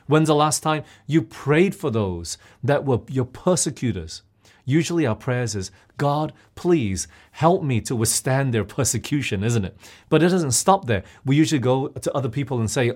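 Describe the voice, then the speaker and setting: A man delivers a sermon in a voice of middle pitch. He keeps turning to his listeners with questions as he preaches. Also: lively intonation, normal speed, a little mellow, slightly rough. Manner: asks the listeners questions often.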